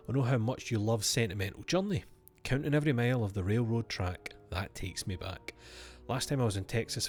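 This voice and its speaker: A man's voice: medium pitch, a little mellow. A man streaming a game, reading its letters aloud and breaking off for wry asides to himself.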